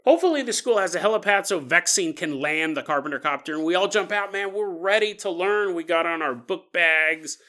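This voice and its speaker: A man's voice: high voice, expressive, a little fast, few pauses, sharp tone. A man hosting a podcast, telling ghost stories casually with playful, jokey asides. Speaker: podcast host. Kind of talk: casual paranormal storytelling.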